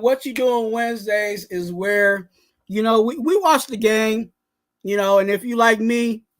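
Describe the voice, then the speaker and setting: A man co-hosting a sports podcast, ranting loudly and animatedly, often tossing in "you know what I'm saying.". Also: very high-pitched. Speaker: podcast co-host.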